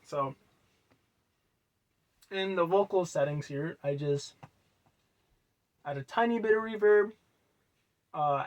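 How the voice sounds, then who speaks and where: A man casually explaining how he made his own song, rambling loosely with many fillers and quiet trailing asides. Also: on the high side. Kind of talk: casual music breakdown.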